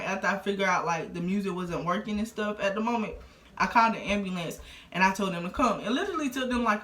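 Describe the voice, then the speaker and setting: With a slightly bright mid-range voice, a young adult woman vlogs a casual story, chatting in a rambling, conversational style heavy on fillers. Her recording carries a roomy echo.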